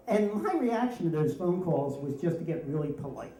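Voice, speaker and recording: Male storyteller, live slam, wry and animated, mellow tone, roomy reverb. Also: a little high, normal speed, hardly any pauses. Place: stage in a room with an audience. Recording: roomy hall sound.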